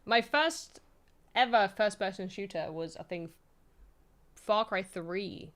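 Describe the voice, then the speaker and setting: Streamer, woman from Poland: loose, laughing, profane chat with viewers, mid-pitched voice, home setup. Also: slow pace, a bit bright. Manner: loose and chatty, swears, many fillers, laughs easily. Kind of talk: casual chat answering viewer questions.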